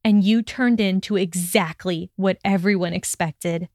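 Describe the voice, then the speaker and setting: A woman voicing an arrogant, sneering young wizard with a quick, mocking drawl. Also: mid-range voice, steady tone, a little mellow, no echo, studio quality, natural voice.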